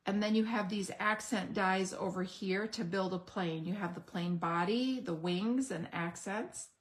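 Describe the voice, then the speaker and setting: Slow, gushing woman showing craft supplies. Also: mid-range voice. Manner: enthusiastic, gushing over products; thinks aloud, pauses to find words. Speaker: crafting video host. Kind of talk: unboxing product demo.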